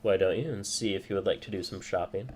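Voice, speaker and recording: A man's voice: deep voice, quick pace, darkish tone, a little hiss or hum, lightly acted. A man voicing a courteous male thieves'-guild leader in a tabletop game, speaking in a hospitable, polite way.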